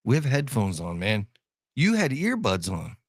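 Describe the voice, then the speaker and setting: A man's voice: fairly low pitch, wildly swooping pitch, a little slow, breathy edge, no echo, studio quality. A man from Ohio co-hosting a podcast in casual chat, joking, laughing often and repeating his words. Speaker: podcast co-host.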